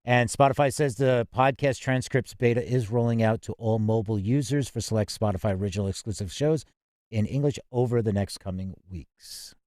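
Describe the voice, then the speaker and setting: A man's voice: mid-range voice, fairly quick, darkish tone, no echo, studio quality. A man co-hosting a live music news show, chatting in an upbeat, casual way and laughing often. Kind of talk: casual live-stream chat. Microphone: home desk mic.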